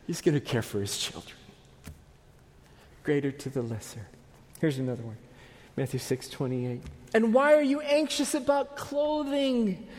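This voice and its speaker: A man with a high voice preaches slowly and deliberately. His earnest, emphatic delivery often sinks to a near hush at the ends of phrases. A long hall reverb trails behind every word. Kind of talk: sermon.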